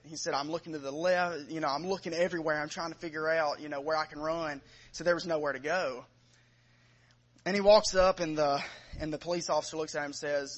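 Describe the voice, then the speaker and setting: Predigender Mann mit etwas höherer Stimme. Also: male voice, on the high side. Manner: retelling a story with quoted voices, dropping softer for quotes. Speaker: preacher. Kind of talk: sermon storytelling.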